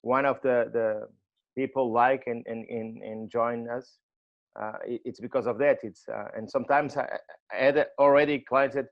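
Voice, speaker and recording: A male host whose first language is Portuguese, speaking English haltingly and searching for words. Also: mid-range voice, fairly even intonation, creaky, muffled recording. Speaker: gym owner and show host. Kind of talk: conversational interview.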